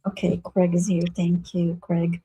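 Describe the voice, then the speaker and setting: A woman with a mellow, slightly husky voice talks slowly and easily on a live reading stream, laughing often between her words. Her voice is close and dry. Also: lowish voice, little pitch movement, no room sound, poor audio. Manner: giggly and easygoing, laughing often between phrases. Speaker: psychic reader co-hosting a live reading stream. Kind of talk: casual live-stream chat.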